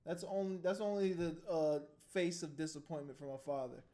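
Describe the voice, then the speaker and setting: A man's voice: on the high side, normal speed, mellow. A man hosting a video reaction, talking casually with blunt, profane outbursts. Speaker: reaction channel host.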